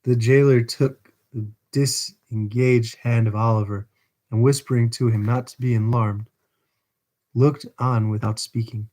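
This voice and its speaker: A man reading a classic novel aloud at a steady pace on a livestream. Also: medium pitch, measured pace. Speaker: livestream book reader.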